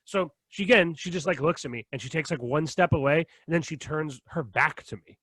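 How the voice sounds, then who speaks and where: Fast-talking, profane young man telling a story. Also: a little high, husky, no room sound. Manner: profane, animated storyteller acting out both sides. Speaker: podcast co-host. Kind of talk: casual storytelling chat.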